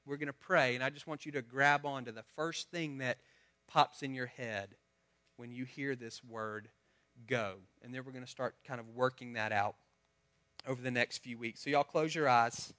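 A man's voice: medium pitch, steady tone, moderate pace, bright, forceful tone. A man, a pastor giving a conversational sermon and asking the congregation questions. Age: 30s.

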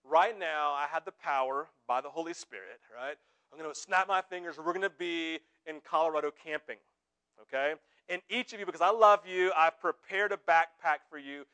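A pastor preaching a conversational sermon, often checking in with his listeners with quick tag questions. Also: a little high, sharp tone.

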